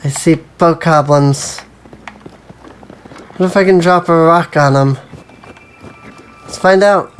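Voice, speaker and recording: A let's play host thinks aloud through casual gameplay commentary, chatty and self-amused. The voice sits at an ordinary middle pitch and yelps at each mishap. Faint ambient hiss runs under the speech. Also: slow pace, pauses often.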